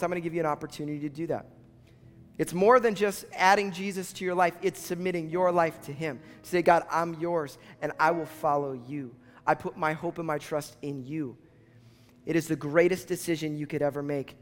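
A man's voice: a little high, long reverb tail. A man preaching an earnest sermon as pastor, building to fervent appeals to his listeners. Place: church auditorium.

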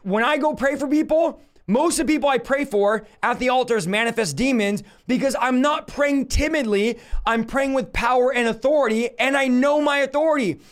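High-voiced man preaching with force. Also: normal speed, hardly any pauses. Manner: forceful, emphatic preaching with sudden rebukes. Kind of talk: livestreamed teaching sermon.

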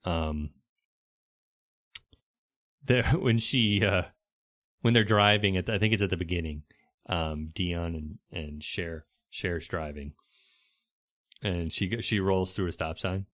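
Low-voiced, rambling young man. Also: fairly bright tone. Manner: rambling, halting, full of fillers and restarts. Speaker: podcast co-host. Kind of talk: casual chat about a movie.

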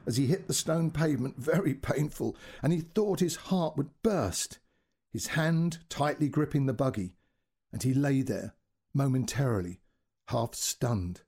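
A man narrating a short story as storyteller, in an expressive, dramatic reading that moves between hushed and raised passages. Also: medium pitch, slightly rough.

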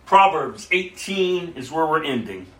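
A man preaching a sermon and reading scripture aloud, swinging between loud bursts and soft asides. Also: on the high side, sing-song, a little slow, roomy sound.

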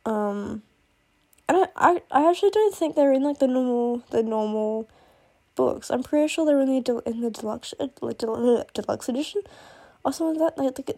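A woman's voice: sits high, warm tone. Gushing young woman, sick and coughing. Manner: gushing and rambling, full of "like" and "oh my god". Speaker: book vlogger. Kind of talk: casual chat.

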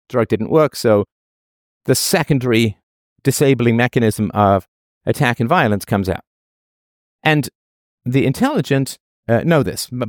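A man's voice: mid-range voice, dry recording, studio quality. A man delivering an emphatic philosophical monologue and repeating his points to drive them home. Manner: emphatic, repetitive, argumentative.

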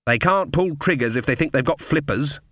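A stern old witch with a sharp tongue who speaks in short, commanding bursts, as a man puts her on. The sound is dry and close to the mic. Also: on the high side, lively intonation, brisk, no echo. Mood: grim. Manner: curt and commanding.

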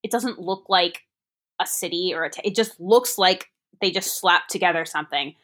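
A woman co-hosting a casual movie review chat, talking in rambling, quick asides. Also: on the low side, fairly bright tone. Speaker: podcast co-host.

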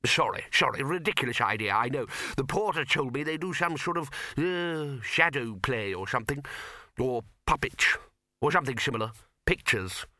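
A man's voice: medium pitch, lively intonation, normal speed, bright, forceful tone, dry recording, studio quality, voice pushed up. A man voicing a nervous, fussy wizard bursar who talks hesitantly and trails off. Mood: fretting.

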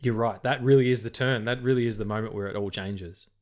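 A man's voice: lowish voice, steady tone, fast. A man co-hosting a casual film podcast, rambling with lots of restarts, stutters and swearing. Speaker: podcast co-host.

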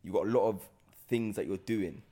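Male host, rapid-fire, lowish voice, chatty and slangy. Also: dark tone, breathy edge. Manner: quick, laughing, slangy. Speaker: interview host. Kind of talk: casual interview chat.

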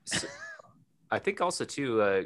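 Animated, low-voiced man telling anecdotes. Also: unhurried. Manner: animated anecdote teller who laughs as he talks. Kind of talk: casual chat.

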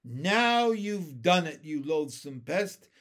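A man's voice: high-pitched, very animated, unhurried, pitched above the performer's own voice, heavily acted. A man voicing a timid, fretful male earthworm who scolds in anxious whispers in a storybook reading. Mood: fearful scolding. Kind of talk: storybook read-aloud.

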